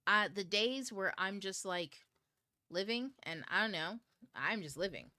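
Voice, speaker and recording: A woman's voice: medium pitch, expressive, a little slow, sharp tone, no echo. A woman hosting a book club livestream, chatting casually to her viewers, swearing freely and laughing as she rambles. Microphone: camera mic on a DSLR.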